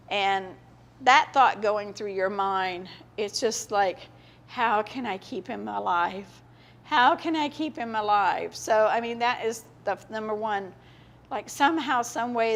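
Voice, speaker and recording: Older woman, live-event guest, earnest halting storyteller, mid-range voice. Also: mid-range voice. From United States. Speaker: guest speaker. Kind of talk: live on-stage interview. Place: event stage in front of an audience.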